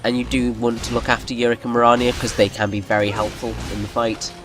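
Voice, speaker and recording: A man's voice: medium pitch, completely flat delivery, fast talker. A man giving casual, rambling commentary while playing a video game, often restarting sentences and poking fun at himself. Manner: chatty, rambling, with frequent restarts and self-mocking asides. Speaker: gaming video host. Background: game music.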